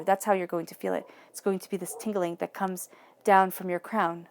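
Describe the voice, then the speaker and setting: A woman's voice: medium pitch, little pitch movement, brisk, darkish tone, slight background noise. A woman giving an earnest, encouraging tarot reading, often repeating phrases for emphasis. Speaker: tarot reader.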